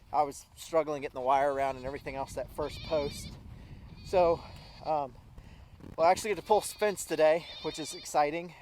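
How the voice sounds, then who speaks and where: A man's voice: a little high, a little hiss or hum. A man explaining farm fencing in a casual how-to vlog, rambling with lots of ums and uhs, outdoors on a farm. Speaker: farmer vlogger. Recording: music playing underneath. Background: music.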